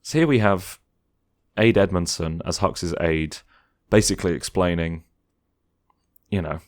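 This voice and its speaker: A deep-voiced man talks loosely through a movie as he watches it. His delivery is chatty and informal, and now and then he slips into a mocking voice to quote critics. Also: a little slow. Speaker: film commentator. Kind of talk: casual film commentary.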